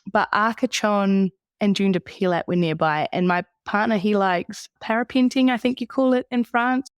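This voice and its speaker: A woman's voice: mid-range voice, normal speed, smooth, no room sound. A middle-aged woman with a New Zealand accent, chatting easily as a podcast guest and laughing often. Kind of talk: casual travel chat.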